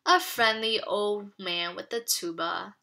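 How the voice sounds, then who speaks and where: A woman's voice: mid-range voice, takes it slowly, gravelly. A woman teacher reading a picture book aloud to children, acting out the lines and stopping to ask questions and explain. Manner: expressive storytelling, asks children questions.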